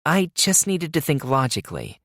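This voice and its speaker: A man's voice: fairly high pitch, wildly swooping pitch, moderate pace, fairly bright tone, no room sound, studio quality, voice pushed up, heavily acted. A man voicing a determined young woman who presses her case with tense urgency.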